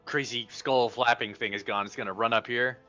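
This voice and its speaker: A man's voice: mid-range voice, steady tone, a little fast, pushed and bright, muffled recording, faint music behind. A man playing a tabletop game, describing his character's actions in detail. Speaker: player. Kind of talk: casual tabletop game chat.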